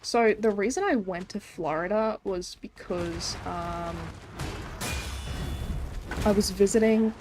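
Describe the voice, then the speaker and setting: A woman's voice: mid-range voice, slow, pauses often, noisy background. A young Australian woman streaming a game, chatting casually with many fillers and frequent swearing. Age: young adult. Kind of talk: casual live-stream chat.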